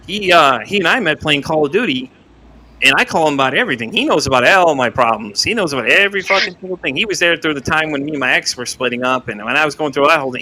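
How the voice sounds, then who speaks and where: A man hosting a casual podcast chat, talking quickly with a bright, forward voice. He is earnest and curses freely as he recounts what people told him. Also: fairly high pitch, a little hiss or hum, low-quality recording. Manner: earnest, swears freely, retells conversations. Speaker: podcast host.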